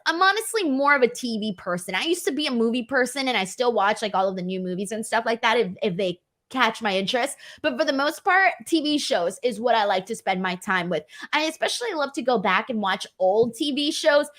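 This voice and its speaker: Young woman, casual Q&A vlog, chatty, fairly high voice. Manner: chatty, animated, many fillers. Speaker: wrestling media host.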